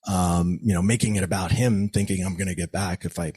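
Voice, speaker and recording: Man, lowish voice, earnest storytelling, stumbling restarts, dry close sound. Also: steady tone, fairly quick, dark tone, slightly rough, no room sound. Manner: earnest, many restarts and fillers. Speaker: podcast guest. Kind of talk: personal storytelling in an interview.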